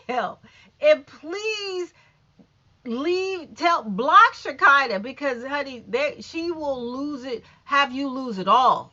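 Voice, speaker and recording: Her voice sits high and the recording is lo-fi. A woman in her fifties vlogs a casual rant to camera, blunt and profane, with animated, emphatic delivery.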